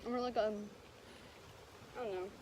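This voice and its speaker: A woman's voice: medium pitch, moderate pace. A young woman vlogger telling a story in casual chat, acting out what people said. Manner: animated storytelling, acting out quotes. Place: vacation house near a beach. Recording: noisy background.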